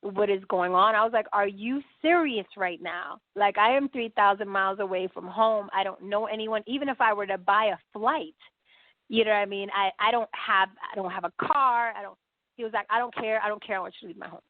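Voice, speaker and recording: A New York woman, new to the clip, shares a conversational story as a podcast guest on a tinny, phone-like line with dry audio and no echo. Her voice sits mid-range at a moderate pace, lively, full of fillers and quoted exchanges.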